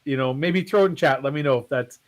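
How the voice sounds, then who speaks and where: A man's voice: medium pitch, fast talker. Joking man co-hosting a livestream. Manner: joking, swearing, playful. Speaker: co-host. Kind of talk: casual chat.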